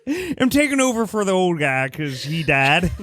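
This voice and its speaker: A woman's voice: fairly low pitch, very animated, normal speed, fairly bright tone, voice pushed down. A woman doing an improvised old male speed-dating host with a lisp. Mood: announcing. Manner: announcer patter, breaking into laughter. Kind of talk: improv comedy.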